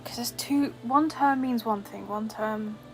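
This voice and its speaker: With faint music behind her and rough audio quality, a woman speaks at a measured pace in a voice on the high side. She is Scottish but over-articulates to mostly hide her faint accent as she fills her casual gaming chat with fillers.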